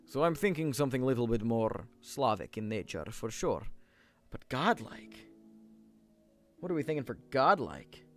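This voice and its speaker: A man's voice: medium pitch, big pitch swings, moderate pace, fairly bright tone, soft background music. A man streaming a role-playing game, chatting casually and self-deprecatingly with his viewers.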